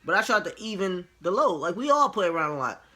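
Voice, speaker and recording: A man's voice: high-pitched, big pitch swings, fast, pushed and bright. Frank, exasperated man telling a story. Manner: retells conversations by voicing each side. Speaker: line cook. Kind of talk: casual storytelling to camera.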